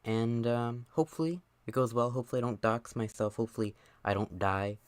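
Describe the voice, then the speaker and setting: A man's voice: mid-range voice, steady tone, brisk, smooth, dry recording. A young man chatting on a live stream, out of breath, rambling and joking at himself with lots of fillers. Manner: rambling, self-mocking, many fillers. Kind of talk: casual live stream chat.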